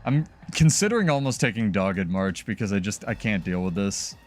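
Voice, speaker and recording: Animated man streaming gameplay. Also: on the low side, normal speed, soft background music. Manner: animated, laughing, swearing banter. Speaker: game streamer. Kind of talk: casual gameplay commentary.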